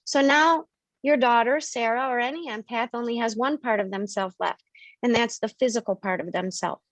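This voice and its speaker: A woman's voice: a little high, moderate pace, no room sound. A woman hosting a spiritual members' call on video, explaining earnestly and acting out examples.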